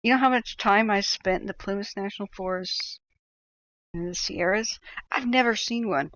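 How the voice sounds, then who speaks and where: A woman's voice: medium pitch, normal speed, a bit bright. Chatty woman telling a rambling story. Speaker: livestream host. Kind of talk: casual storytelling chat. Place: at home. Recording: dry, slightly dull sound.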